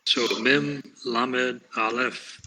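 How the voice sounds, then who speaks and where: Male student, husky and bright, slow tentative reading. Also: mid-range voice, steady tone, low-quality recording. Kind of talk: reading aloud in class.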